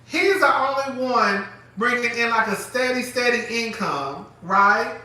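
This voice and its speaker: A man with a very high, sharply bright voice hosts a live chat show, animated and profane and often laughing. His voice rings in a very echoey room. He sits a little back from the mic. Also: a little slow, recorded from a distance. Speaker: host. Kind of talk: casual live commentary.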